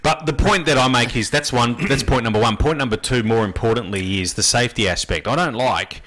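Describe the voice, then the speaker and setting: A man's voice: medium pitch, brisk, a bit bright. A man co-hosting a casual talk show, chatty and laughing as he talks. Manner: chatty, laughs while talking. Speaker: radio co-host. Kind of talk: casual chat.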